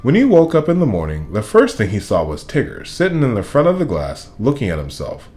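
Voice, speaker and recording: A man reading a children's storybook aloud in an expressive, playful way. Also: mid-range voice, brisk, faint music behind. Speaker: storybook reader.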